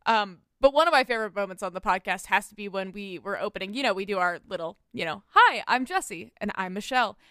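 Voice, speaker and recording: Bright, crisp-voiced woman host. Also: medium pitch, quick pace, few pauses, dry recording, studio quality. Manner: wry storyteller, teasing. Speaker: podcast co-host and editor. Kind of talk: casual chat.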